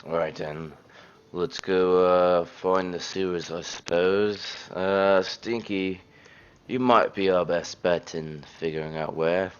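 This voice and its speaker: A man's voice: sits low, fairly even intonation, takes it slowly, clear, resonant tone, muffled recording. A man playing a tabletop game, blunt and sarcastic, swearing now and then. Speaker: player. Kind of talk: casual tabletop game chat.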